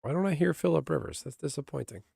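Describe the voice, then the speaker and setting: A man's voice: a little high, fast talker, vocal fry, warm tone, slightly rough, no echo, clean studio sound. A man streaming and chatting casually with viewers in a rambling way, often laughing. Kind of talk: casual livestream chat.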